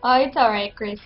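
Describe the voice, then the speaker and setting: A woman's voice: on the high side, muffled recording. Giggly French Canadian woman streaming a game. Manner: giggly, chatty. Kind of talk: casual gameplay commentary.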